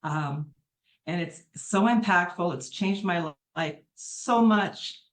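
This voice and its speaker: A woman's voice: lowish voice, slow. A middle-aged woman giving an earnest, emotional testimonial on a video call, speaking from the heart.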